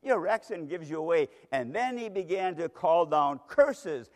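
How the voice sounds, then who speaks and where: A man's voice: fairly high pitch, expressive, moderate pace, hardly any pauses. Dramatic preacher man in a reverberant hall. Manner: dramatic storytelling, speaking straight to a Bible character. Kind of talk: sermon.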